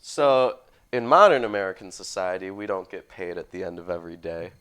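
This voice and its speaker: A man's voice: low voice, fairly quick, fairly bright tone, clear, resonant tone. A man co-hosting a casual discussion, making wry, analytical points.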